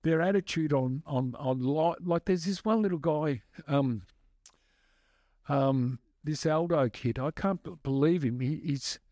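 A chatty man rambles through stories with lots of restarts and fillers. His voice sits a little high for a man. The sound is close and dry. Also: a little slow, mellow, dry recording. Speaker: guest musician and advocate. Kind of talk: casual storytelling answers.

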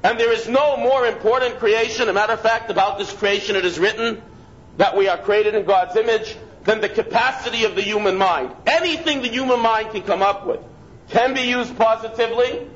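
A man's voice: sits high, a little fast, fairly bright tone. A man, a rabbi, giving a conversational lecture with stories, asides and frequent restarts. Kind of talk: lecture with storytelling. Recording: dull lo-fi with faint noise.

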